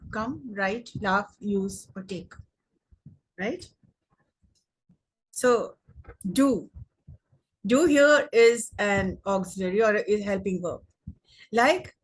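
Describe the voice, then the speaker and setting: A young Indian woman with a slightly high voice teaches an online English grammar lesson, slowly repeating words and sentences for emphasis.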